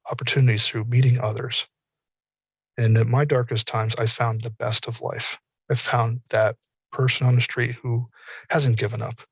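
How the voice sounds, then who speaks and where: A man's voice: medium pitch, breathy edge, no echo, muffled recording. A man from the American South, a panel guest talking in an earnest, folksy way and acting out imagined dialogue. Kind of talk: casual panel talk.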